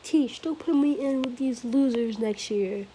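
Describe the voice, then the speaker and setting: A woman's voice: fairly high pitch, measured pace, mellow, slightly rough, rough recording. Bakugo, a woman voicing a brash teen boy. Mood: boastful. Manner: brash and boastful. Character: cocky, shouting teenage boy rival hero.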